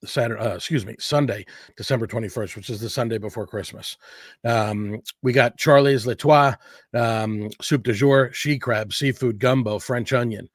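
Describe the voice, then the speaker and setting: A man hosts a casual food livestream in a chatty, upbeat way. He rambles a little between items, with plenty of fillers. His voice sits in an ordinary middle pitch, and the recording is dry and close with no room sound. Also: normal speed, dry recording. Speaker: host of a local food show. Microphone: livestream setup.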